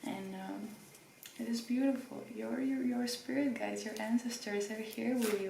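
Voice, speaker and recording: A woman hosting a pick-a-card tarot reading, speaking gently and reassuringly to the viewer with emotion. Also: a little high, fairly even intonation, unhurried, vocal fry, roomy sound, very noisy. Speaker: tarot reader.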